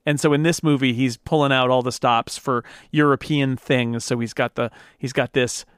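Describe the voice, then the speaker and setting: Clear and resonant, with fairly even intonation, the host speaks at a normal pace in a mid-range voice. He reads an ad and talks casually about a film on his podcast, and the studio recording is clean with no echo.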